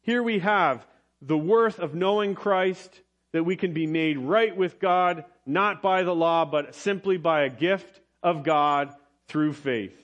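A man's voice: fairly high pitch, slow pace, fairly bright tone, lo-fi sound. A man preaching a sermon to his congregation, explaining scripture with light personal humor and emphatic repetition. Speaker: pastor.

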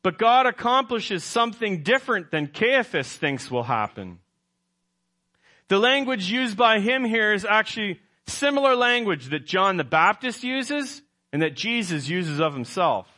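A man's voice: sits high, sing-song, measured pace, bright, forceful tone. A man preaching a sermon as pastor, emphatic, quizzing his congregation and correcting himself as he goes.

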